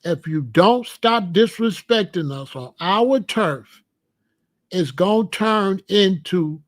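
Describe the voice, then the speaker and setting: A man from the United States hosting a casual monologue, telling stories in an emphatic, profane, animated way. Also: sits high. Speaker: commentary host.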